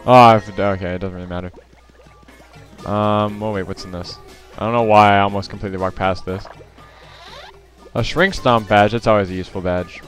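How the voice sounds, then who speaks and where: A man's voice: on the low side, fairly even intonation, a little fast, long pauses, soft background music. A man giving casual gameplay commentary as a let's play host, rambling with lots of fillers and self-corrections.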